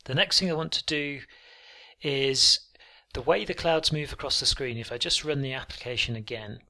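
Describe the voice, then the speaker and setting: A man walking through a coding tutorial on screen, relaxed and thinking aloud with frequent ums. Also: medium pitch, normal speed. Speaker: programming tutor.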